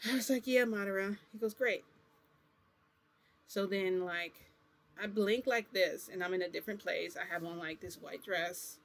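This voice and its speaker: Talking at a moderate pace in a high, somewhat bright voice, a man vlogs a drawn-out, wandering anecdote. He quotes the dialogue casually, with "I'm like" and "he goes."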